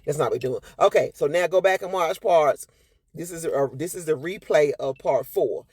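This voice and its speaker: A woman's voice: moderate pace, darkish tone, breathy edge, no echo. A woman, telling a personal story to her followers in a sassy, emphatic way and acting out what people said. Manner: sassy, emphatic, acts out quotes with big pitch jumps.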